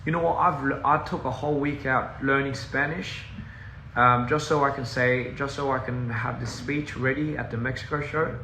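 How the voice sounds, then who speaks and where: On a phone livestream from inside a house, a touring musician chats casually, rambling, getting sidetracked easily and laughing a lot. His medium-pitched voice is steady and sharp at a normal pace, with a roomy echo and faint hiss around it.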